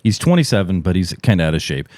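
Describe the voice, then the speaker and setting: Middle-aged guy on a podcast, swears a lot, voice swings all over when he gets into the story. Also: fast talker. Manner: profane, animated storyteller, voice jumps high and loud when acting out shouts. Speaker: podcast host. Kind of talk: casual storytelling chat.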